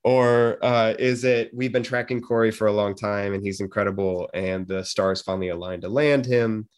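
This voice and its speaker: A man's voice: on the low side, fairly even intonation, moderate pace. A man hosting a casual interview, rambling with lots of fillers and little jokes. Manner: rambling, full of fillers, jokey. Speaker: podcast host.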